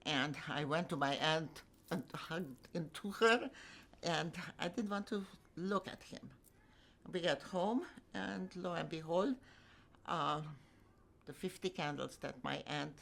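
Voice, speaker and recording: A woman's voice: low-pitched, vocal fry, a bit bright, a little hiss or hum. An older woman telling her own life story in a vivid, emotional way with flashes of wry humor. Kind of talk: personal storytelling.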